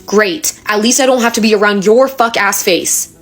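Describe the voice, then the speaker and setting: A woman's voice: medium pitch, fairly quick, soft background music. A young woman giving an angry, emphatic rant straight to camera and swearing freely. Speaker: social media creator.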